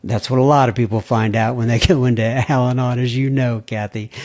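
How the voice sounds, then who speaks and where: A man's voice: medium pitch, fairly even intonation, a little fast. A man hosting a podcast, reading listener emails aloud with folksy asides. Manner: folksy, warm-hearted asides. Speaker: podcast host.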